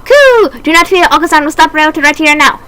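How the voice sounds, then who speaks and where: Woman doing a shrill, squealing game pigeon, hyper, very high. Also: brisk. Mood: excited. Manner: excitable, speaks of itself in third person. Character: frantic little male pigeon, hyper and odd.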